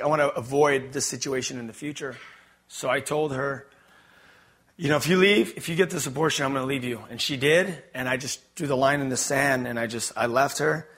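A man's voice: mid-range voice, fairly bright tone. A man from Los Angeles, giving a rambling, candid personal testimony to an audience. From Los Angeles, USA. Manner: rambling and candid, many fillers and restarts.

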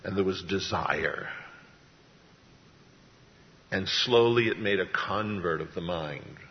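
This slow-speaking pastor has a low voice and preaches in a homey, chatty manner, performing character voices as he tells stories. The recording carries the dull echo of a church hall.

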